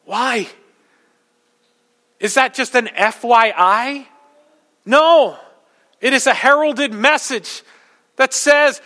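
A male pastor preaching a sermon with urgent emphasis, swinging from soft passages to loud ones. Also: very high voice, slow pace, pauses often, in a large hall. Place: church.

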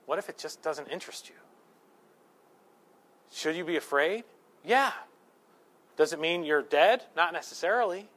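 Unhurried and given to long pauses, this thirtysomething pastor delivers a sermon with lively stories and jokes at his own expense. His slightly high voice moves from loud emphasis to quiet asides.

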